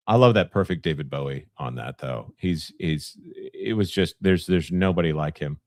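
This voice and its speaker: Deep, dry-voiced man co-hosting a stream. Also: expressive, normal speed, few pauses, dry recording. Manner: joking, rambling, slips into impressions. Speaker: co-host. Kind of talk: casual live-stream chat.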